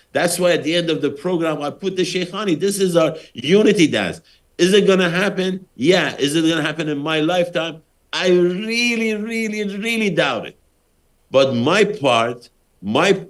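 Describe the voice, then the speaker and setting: A man hosting a TV program, talking straight to the viewers in a preachy way, posing rhetorical questions with emphatic rises. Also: mid-range voice. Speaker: TV program host. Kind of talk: talking to camera, commentary.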